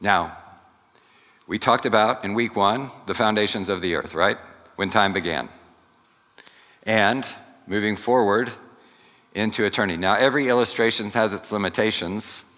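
A man preaching a sermon, teaching slowly and deliberately with asides to the congregation. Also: on the low side, pushed and bright. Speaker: pastor. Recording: long hall reverb.

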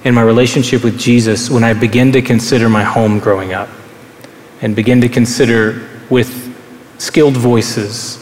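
A man's voice: medium pitch, fairly even intonation, normal speed, a little mellow, a little hiss or hum. A young adult man and pastor preaching a sermon on stage in an earnest, conversational way, often repeating words for stress. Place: large hall with stage. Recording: roomy reverberant hall, faint ambience.

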